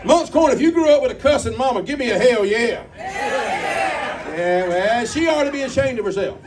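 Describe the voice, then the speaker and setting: A man's voice: extremely high pitch, animated, fairly quick, noisy background. A man doing stand-up comedy, telling folksy stories, chatting with the crowd and singing a few comic bits. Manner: folksy storytelling, crowd banter. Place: comedy club stage. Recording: distant mic, live crowd and guitar. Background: audience laughter and guitar.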